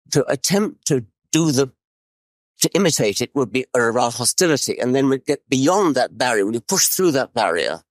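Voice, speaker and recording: A man's voice: medium pitch, no room sound. A man hosting a conversation, hesitant and often repeating words as he thinks. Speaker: host. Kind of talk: casual chat.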